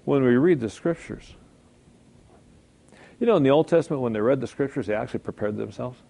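Middle-aged guy preaching, chatty, keeps asking "okay?", mid-pitch voice. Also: lively intonation, a little fast, vocal fry, mellow. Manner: conversational preaching, rhetorical check-ins. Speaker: pastor. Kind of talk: sermon.

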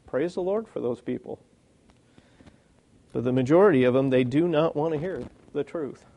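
A man's voice: medium pitch, normal speed, mellow. A man giving a sermon in a plain, conversational way, often asking rhetorical questions. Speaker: preacher.

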